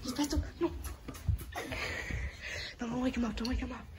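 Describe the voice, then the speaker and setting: A woman gamer chatting excitedly during play, giggling, shrieking and whispering by turns. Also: a little high, moderate pace, heavy background noise. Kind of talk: excited gameplay chat.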